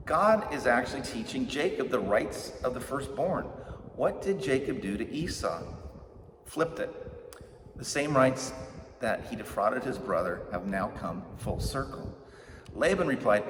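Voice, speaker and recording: A man's voice: mid-range voice, very animated, normal speed. A middle-aged man preaching a casual, joking sermon, telling the story conversationally and acting out the characters' lines. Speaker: pastor. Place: church sanctuary. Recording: echoey hall, distant mic, background noise.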